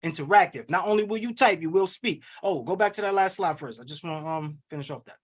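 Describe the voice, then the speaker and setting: A man coaching on an online webinar, rallying listeners with an energetic, preachy call-and-response style over a video call. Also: high voice, fast talker. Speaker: wealth coach hosting a webinar. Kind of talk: hype motivational webinar coaching.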